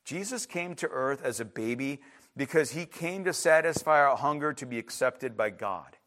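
A man's voice: medium pitch, expressive, normal speed, fairly bright tone. A man preaching a sermon in an emphatic, conversational way, with frequent restarts and asides to the congregation. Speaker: pastor.

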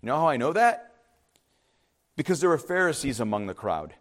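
A male pastor preaching a sermon, emphatic and swinging from loud exhortation to hushed asides. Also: mid-range voice, very animated, brisk. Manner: emphatic preaching, rising and dropping sharply; acts out skeptics in hushed asides.

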